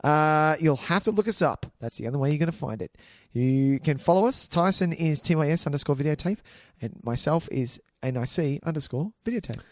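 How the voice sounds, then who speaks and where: A man's voice: fairly high pitch, lively intonation, fairly quick, few pauses, dry recording, studio quality. A man co-hosting a movie podcast, chatting casually and running the easygoing sign-off. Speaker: podcast co-host. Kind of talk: casual chat about movies.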